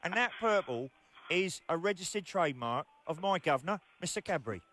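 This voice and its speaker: A man's voice: a little high, expressive, fairly quick, a bit bright, no room sound. A man putting on a shonky Cockney accent to play a bullying corporate enforcer in a prank phone call, full of slang and mock threats. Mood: menacing. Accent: put-on Cockney.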